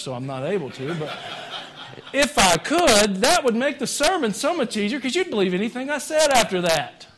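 A man preaching a sermon to his congregation. He talks conversationally, pushing some lines out loud and dropping others to quiet joking asides. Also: high voice, a little hiss or hum. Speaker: pastor. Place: church sanctuary.

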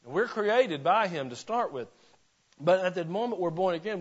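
A male pastor preaching a sermon in church, folksy, with joking asides, slowing down to stress scripture. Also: sits high, animated, slightly rough, dull audio.

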